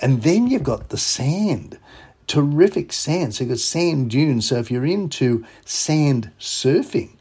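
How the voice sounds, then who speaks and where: Mellow, husky Australian man chatting. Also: medium pitch. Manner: chatty and enthusiastic. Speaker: radio host. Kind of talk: casual radio chat.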